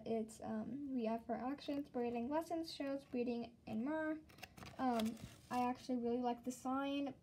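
A woman's voice: high-pitched, very noisy. A woman from the Southern United States giving a casual show-and-tell tour of her toy collection, rambling and giggly, with lots of "um" and "like".

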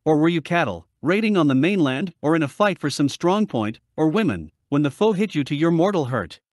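A man voicing a shrewd, weathered wandering hero in an audiobook reading, speaking in a measured, courteous way. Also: on the high side, animated, dry recording, studio quality, natural voice.

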